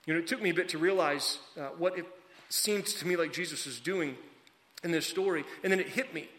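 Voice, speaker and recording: Bright high-voiced male pastor preaching. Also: fairly quick, big-room sound. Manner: conversational, animated storytelling, drops soft and low for emphasis. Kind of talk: sermon.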